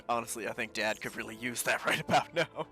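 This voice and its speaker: A man's voice: mid-range voice, brisk, pushed and bright, faint music behind. A man playing in a live-streamed tabletop role-play, casual and swearing freely. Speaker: player.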